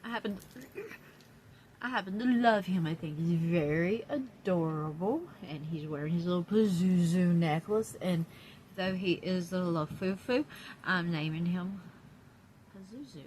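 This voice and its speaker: A woman's voice: lowish voice, unhurried, a little mellow, a little hiss or hum. A woman chatting in a casual vlog from her apartment, blunt and profane, laughing often. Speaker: YouTube vlogger. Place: downstairs apartment.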